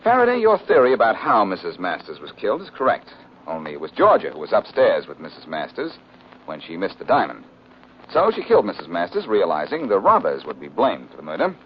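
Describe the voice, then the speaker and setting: A wisecracking, cool-headed detective quips in a low, lively voice. He speaks in the style of a 1940s radio drama. The broadcast sounds dull and lo-fi, with a faint hiss. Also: brisk. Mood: confident. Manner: wry, smooth, quipping. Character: wisecracking reformed-crook detective, cool and charming. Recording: lo-fi old radio recording.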